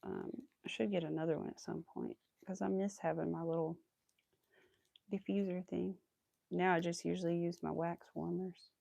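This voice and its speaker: A young woman with a light Southern accent chats away while she crochets on a livestream. She rambles from one thing to the next and laughs a lot. Her voice has a gravelly fry, and the sound is close and dry. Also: on the low side, flat delivery, normal speed, dark tone, no echo. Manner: chatty, rambling, laughs often, talks to her dog.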